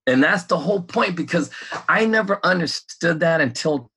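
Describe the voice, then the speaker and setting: A man in casual conversation, talking in a rambling, animated way with lots of fillers, restarts and laughs. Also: a little high, normal speed, slight background noise. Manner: laughs often while talking. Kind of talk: casual chat.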